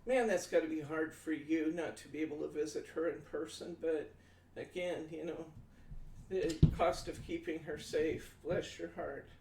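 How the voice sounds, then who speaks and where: A man leads a live crafting demo, chatting with viewers in a folksy way and talking through each cut and measurement. His voice sits a little high. He is heard from a distance in an echoey room with faint background noise. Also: fairly even intonation, normal speed, creaky, darkish tone. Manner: chatty, folksy, answers viewer comments aloud; talks through measurements step by step. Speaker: craft show host. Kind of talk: live-stream crafting demonstration.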